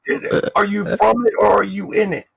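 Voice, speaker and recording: Man from Washington D.C., gravelly fry, husky, crude teasing, dry voice chat. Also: high-pitched, fairly even intonation, normal speed, no room sound, rough recording. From Southeast Washington D.C. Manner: crude, teasing, then lengthy questioning. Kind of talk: casual profane debate chat.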